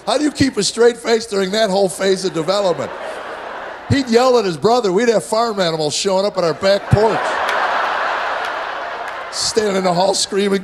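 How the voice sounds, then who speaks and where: A middle-aged man performing a stand-up comedy set on stage, telling family stories with deadpan delivery and acted-out voices. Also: high voice, moderate pace, pauses often, noisy background. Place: comedy stage before live audience. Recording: live show with loud audience.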